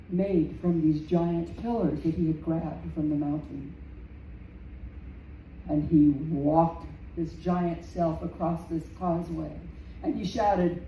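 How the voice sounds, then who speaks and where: A woman storyteller telling a folktale live in a community center room, slow and dramatic, repeating phrases for effect. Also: fairly low pitch, dark tone. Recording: roomy, distant, faint background noise.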